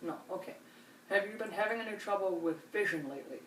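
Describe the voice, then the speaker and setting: A woman examiner demonstrating a neurological check, giving calm step-by-step instructions and reassurance. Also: mid-range voice, fast. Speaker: nurse examiner. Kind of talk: clinical demonstration. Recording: roomy, distant mic, faint hiss.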